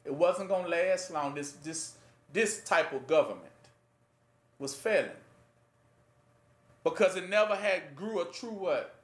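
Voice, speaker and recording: A man teaching scripture in a casual sermon, often pausing to ask listeners to fill in the last word. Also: high voice, lively intonation. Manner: rhetorical fill-in-the-blank questions to listeners; conversational, plain-spoken. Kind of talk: informal Bible teaching sermon. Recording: echoey room.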